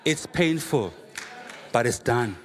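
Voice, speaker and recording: A man, a pastor preaching a sermon with humorous, animated storytelling and rhetorical questions. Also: medium pitch, slow, some chatter behind. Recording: reverberant hall, faint room noise.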